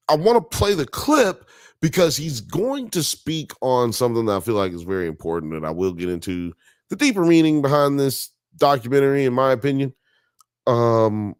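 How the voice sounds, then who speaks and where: A man's voice: mid-range voice, smooth, dry recording, clean studio sound. Profane Southern man, rambling commentary. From Alabama. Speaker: podcast host. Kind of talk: casual commentary on a TV documentary.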